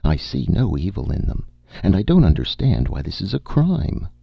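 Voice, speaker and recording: Brief: earnest young woman pleading her case, read by a man, raised gentle voice, husky grain, dull audio. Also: low-pitched, wildly swooping pitch, moderate pace, no room sound, voice pushed up, exaggerated voice. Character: hesitant young tribeswoman, shivering but earnest. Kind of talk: audiobook character voice. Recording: dull, dry audiobook recording.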